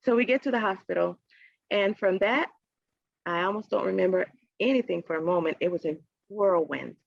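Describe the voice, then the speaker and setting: Animated storytelling woman with a gravelly edge. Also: normal speed, dry recording. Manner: animated storyteller, acts out quoted voices with big pitch jumps, laughs often. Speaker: podcast guest, realtor. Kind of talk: casual storytelling interview. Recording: dry, slightly dull podcast audio.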